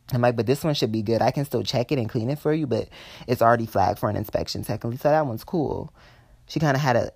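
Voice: medium pitch, a little mellow, no room sound. A person telling a workplace story to viewers, heated and blunt, swearing freely. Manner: speaks straight to viewers. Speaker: vlogger telling a work story. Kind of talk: storytime venting to the camera.

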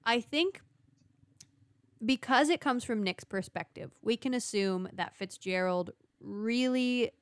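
A young woman leading a casual book discussion, reading out questions and reacting in a lively way. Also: a little high, slow pace, clear, resonant tone, dry recording. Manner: lively, laughs often, reads out questions. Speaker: discussion co-host asking questions.

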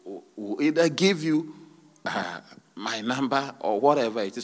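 A male pastor delivers a sermon in a church, his voice sitting at an ordinary middle pitch. He drives his points home with repeated hallelujahs and questions thrown back at the congregation. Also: very animated, moderate pace. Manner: preaching with frequent hallelujahs and rhetorical questions.

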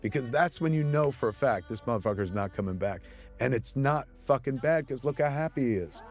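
A man talking through his own film in casual commentary, excitable and swearing often, restarting his sentences as he goes. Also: mid-range voice, a little fast, faint music behind. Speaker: filmmaker giving audio commentary.

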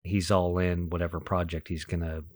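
Low-voiced man chatting on a podcast. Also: little pitch movement, normal speed, dry recording, clean studio sound. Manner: thinking aloud with fillers and restarts, easy laughs. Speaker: podcast co-host. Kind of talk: casual movie-ranking chat.

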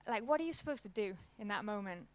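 A woman's voice: mid-range voice, expressive, fast talker, darkish tone. A woman, giving an informal church talk and telling a personal story in a casual, conversational way. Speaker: church speaker.

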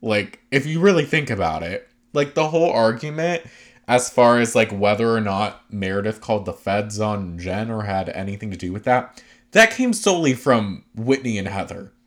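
A man with a fairly low voice chats through a reality-show recap in a loose, gossipy way. He leans on fillers and drops dry, sarcastic asides. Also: expressive, moderate pace.

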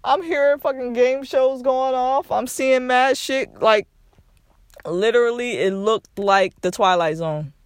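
Young male podcast host with a high, dry-sounding voice; casual motivational talk, hammers points by repeating them. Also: steady tone, takes it slowly, clear, resonant tone, dry recording. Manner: repeats phrases for emphasis, swears casually.

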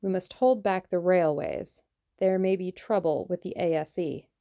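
A woman reading an audiobook, voicing a businesslike male German conspirator with a clear voice. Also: fairly low pitch, moderate pace, warm tone, dry recording, natural voice. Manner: crisp, matter-of-fact.

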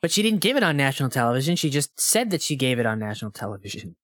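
Teasing podcast quizmaster with a lively voice. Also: medium pitch, racing. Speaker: podcast host running a quiz. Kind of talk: casual chat, quizzing a co-host.

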